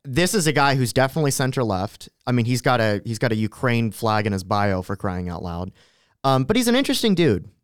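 A man's voice: mid-range voice, very animated, fairly quick, smooth, no room sound, clean studio sound. A man co-hosting a casual political commentary show, chatting and reading long quotes aloud. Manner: reads long quoted tweets aloud, conversational asides. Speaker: co-host.

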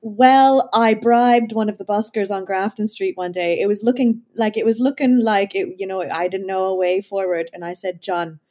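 A woman from Canada with a slight Irish tinge to her accent, a musician guest chatting in a bubbly, lively way. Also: mid-range voice, moderate pace, few pauses. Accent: Canadian, partly Irish. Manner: bubbly, laughs often, chatty. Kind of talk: casual interview.

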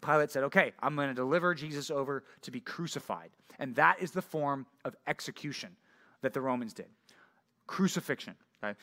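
A man's voice: mid-range voice, a little fast, bright, forceful tone. A young male pastor giving a casual, conversational sermon, telling stories with lots of fillers. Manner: conversational, filler-heavy storytelling.

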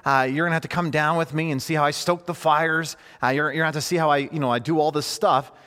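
A man's voice: on the high side, fairly even intonation, fast talker, pushed and bright. A man teaching in a conversational sermon style, earnest and informal, often rephrasing himself mid-thought. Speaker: preacher teaching a class. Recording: long hall reverb.

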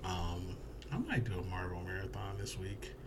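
A man's voice: deep voice, lively intonation, normal speed, noisy background. A young man joking, laughing often and swearing casually while chatting about movies with a friend. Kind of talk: casual movie review chat.

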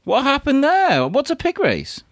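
Playful dad, lively voice. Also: male voice, extremely high pitch, measured pace, no echo. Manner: playful, teasing, encouraging, chuckles often. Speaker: host interviewing his young son. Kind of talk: casual chat with a child. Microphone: handheld microphone passed to child.

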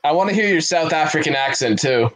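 A man's voice: a little high, expressive, quick pace, a loud crowd, poor audio. A man in a casual sports chat, giving strong opinions while hedging with fillers.

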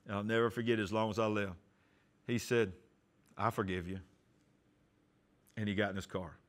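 A man pastor giving a testimony sermon, storytelling and acting out the dialogue, going soft and quiet for prayers. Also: on the low side, steady tone, fast. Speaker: pastor and TV host.

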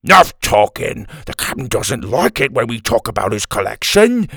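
A man voicing a bossy pirate crewman, barking, raspy, close dry sound. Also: mid-range voice, very animated, moderate pace, fairly bright tone, no room sound, full character voice. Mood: scolding. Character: gruff loud male pirate crewman, bossy.

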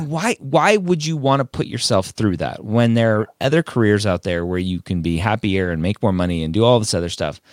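A man's voice: on the low side, expressive, fairly quick, few pauses, no room sound, clean studio sound. A man hosting an advice podcast, talking casually and emphatically, driving points home with strings of rhetorical questions. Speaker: podcast host and admissions advisor.

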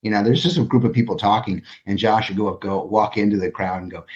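A man's voice: lowish voice, normal speed, darkish tone. A middle-aged man, hosting a podcast in casual conversation, telling stories animatedly and swearing freely. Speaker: podcast host and designer. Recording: muffled lo-fi audio.

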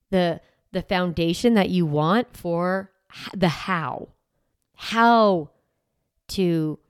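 With a smooth, fairly low voice, a woman who coaches parents chats directly to camera, acting out what parents say and sometimes swearing. The studio recording is clean and echo-free.

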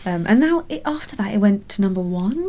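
A woman hosts a casual interview, talking quickly and laughing often, with an upbeat energy. Her pitch sits in the middle range for a woman. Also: animated, dark tone. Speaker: host.

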